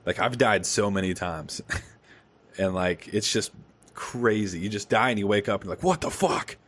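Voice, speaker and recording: Podcast host, young man, low voice, animated casual storyteller. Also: normal speed. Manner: animated storytelling, swears freely. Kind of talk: casual chat.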